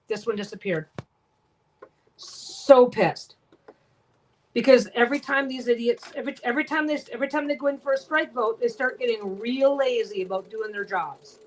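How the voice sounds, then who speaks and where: A woman with a slightly high-pitched voice, chatting off the cuff to her stream as she works at her sewing machine at home. She speaks bluntly, rambles, and swears freely. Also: fast, few pauses, a little hiss or hum, poor audio. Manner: swears a lot, blunt and talkative. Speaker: quilter and livestream host. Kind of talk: casual livestream chat while sewing.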